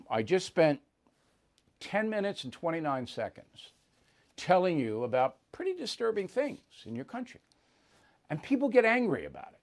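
A man hosting a show of opinionated political commentary, talking bluntly and hammering his points with repetition. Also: mid-range voice. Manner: emphatic, blunt, repeats points for punch. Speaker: host.

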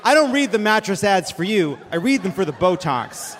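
High-voiced man rambling on a reverberant stage. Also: sing-song, moderate pace. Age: 40s. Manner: rambling, self-mocking, bursts of shouting. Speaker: comedy show host. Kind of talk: live stand-up banter. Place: theater stage with live audience. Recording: reverberant venue with crowd noise.

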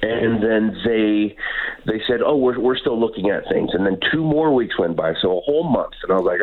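A man's voice: fairly low pitch, moderate pace. Canadian man laughing down a phone line. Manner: laughing, lively storytelling with many restarts. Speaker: guest actor. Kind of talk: phone interview.

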